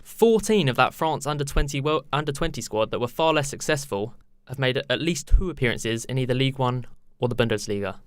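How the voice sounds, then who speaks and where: A quick-talking English host with a smooth, clear voice runs a casual football chat and gives blunt opinions. The sound is close and dry. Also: male voice, mid-range voice, lively intonation, no echo. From England. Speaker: podcast host.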